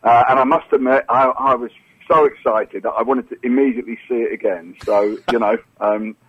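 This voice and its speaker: A man from the UK, a guest in a phone interview, who talks haltingly and repeats words as he thinks. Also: medium pitch, a little hiss or hum. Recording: tinny phone line.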